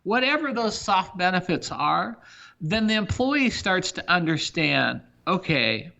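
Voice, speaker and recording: A man's voice: high-pitched, sing-song, a little slow, creaky, sharp tone, dull audio. A middle-aged man, a company CEO, talking emphatically through examples as a guest on a business podcast interview.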